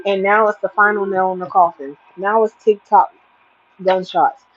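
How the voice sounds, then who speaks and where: A woman's voice: mid-range voice, fairly even intonation, moderate pace, no room sound. Woman tarot reader, preachy and emphatic, on a livestream; dry, muffled lo-fi audio. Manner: emphatic, preachy, plain-spoken. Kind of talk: spiritual livestream reading.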